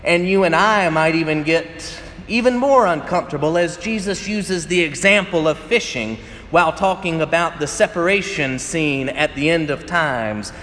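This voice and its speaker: A man preaching a sermon in a fairly high voice, mixing scripture with chatty stories and frequent laughter. His voice rings with a long reverb from a large room, and faint ambient noise sits underneath. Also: normal speed, fairly bright tone. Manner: conversational storytelling, often laughing. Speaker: pastor. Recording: echoey hall with faint ambience.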